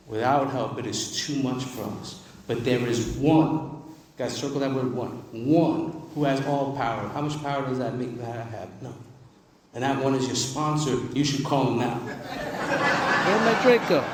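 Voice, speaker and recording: A man's voice: mid-range voice, a little hiss or hum. A man from New York giving an emphatic, humorous recovery talk to a live audience at a convention. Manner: emphatic, repetitive, humorous storytelling. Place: large convention hall. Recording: far-off mic in an echoey hall.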